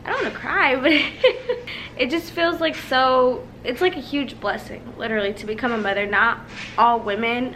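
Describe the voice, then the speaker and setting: Emotional, bright-voiced young woman vlogger. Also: high voice, a little hiss or hum, low-quality recording. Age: 20s. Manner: emotional, laughing, chatty storytelling. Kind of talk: casual chat.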